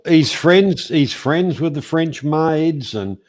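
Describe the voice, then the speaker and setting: A man's voice: fairly high pitch, expressive, slow, a little mellow. A man with an Australian accent hosting a casual chat, telling rambling, irreverent stories and swearing. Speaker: host.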